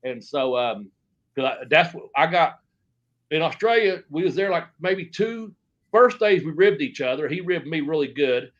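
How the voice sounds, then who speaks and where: A man's voice: a little high, expressive, normal speed. Rambling man in a dull lo-fi recording. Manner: rambling, filler-heavy, acts out quotes. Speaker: former pro wrestler, interview guest. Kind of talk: shoot interview storytelling.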